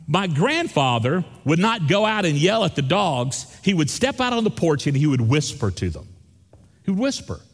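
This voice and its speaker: A man preaching a Christmas sermon, telling stories slowly with repeated phrases. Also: a little high, big pitch swings, big-room sound. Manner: slow storytelling with repeated phrases. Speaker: pastor.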